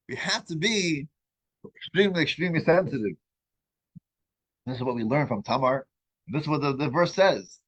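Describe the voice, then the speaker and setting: A man teaching a weekly religious class, asking the group questions and telling stories in an animated way, often restarting his words. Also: on the high side, a little fast, husky, rough recording. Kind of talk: lesson with storytelling.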